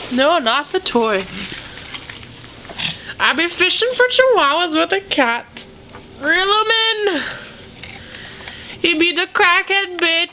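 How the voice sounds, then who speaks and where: Very high-voiced goofy woman teasing pets. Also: pushed and bright, muffled recording. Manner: goofy mock-pirate slang, teasing her pets. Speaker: pet owner filming her pets. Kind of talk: playful home video commentary. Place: at home indoors. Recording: noisy home camcorder audio.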